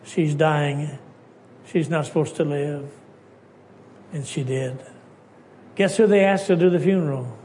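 A man preaches with a voice pitched a little above most men's. He tells his stories emphatically, dropping to a hush and then climbing to loud lines. A faint hiss of noise sits under the recording. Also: unhurried, pauses often. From Texas. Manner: emphatic storytelling, swinging from hushed to loud. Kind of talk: sermon.

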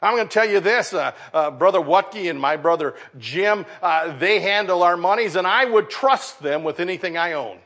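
A middle-aged male pastor preaching a sermon, building emphasis and letting line endings fall soft. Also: sits high, lively intonation, normal speed, hardly any pauses.

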